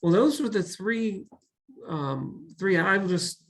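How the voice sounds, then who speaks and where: A man hosting a college webinar who talks in a reflective way, with many pauses and restarts. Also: high voice, animated, a bit bright, a little hiss or hum, low-quality recording. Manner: reflective, speaks in halting restarts. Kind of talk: casual webinar talk.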